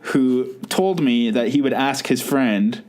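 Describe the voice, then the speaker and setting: A podcast host chats casually, rambling and laughing often at his own stories in a self-amused way. His voice is medium-pitched and a little mellow, and he takes his time.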